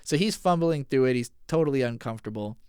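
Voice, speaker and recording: A man's voice: mid-range voice, animated, darkish tone, smooth, no echo, clean studio sound. Man casually recapping an anime episode. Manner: casual, profane, retells scenes with quick paraphrased dialogue. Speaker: anime podcast host.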